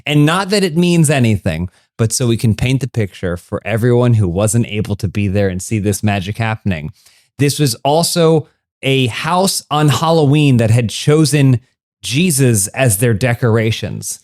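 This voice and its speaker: A man's voice: medium pitch, expressive, normal speed, darkish tone. A man co-hosting a podcast, chatting casually and retelling events in a wordy, theatrical way. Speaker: podcast co-host. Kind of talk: casual chat.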